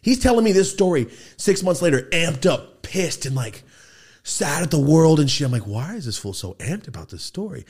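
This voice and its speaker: Animated man telling a profane story. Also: a little high, a little fast, slightly rough. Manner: animated, profane, acts out quotes and sound effects. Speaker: podcast host. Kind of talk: casual storytelling. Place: podcast studio.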